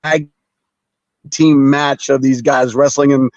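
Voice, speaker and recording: A man as a guest in a casual chat about comics, talking haltingly with many fillers and frequent chuckles over a video call. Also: medium pitch, little pitch movement, darkish tone, no room sound. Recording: dull dry video call audio.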